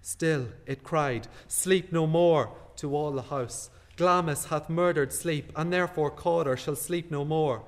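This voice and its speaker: Guilt-haunted nobleman, hushed, brooding, long hall reverb. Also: a little high, measured pace, few pauses. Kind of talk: classical stage acting.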